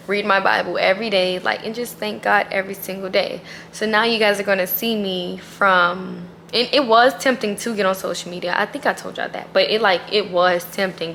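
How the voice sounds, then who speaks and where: A woman's voice: mid-range voice, a bit bright, a little hiss or hum. Earnest woman vlogger gushing about faith. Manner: earnest and emphatic, full of "like". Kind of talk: casual faith vlog talk.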